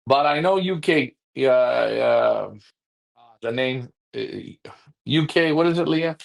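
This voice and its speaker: A man's voice: medium pitch, slow pace, vocal fry. A man, co-hosting a live pigeon-club stream, ranting bluntly and repeating himself when fired up. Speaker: pigeon racing club co-host.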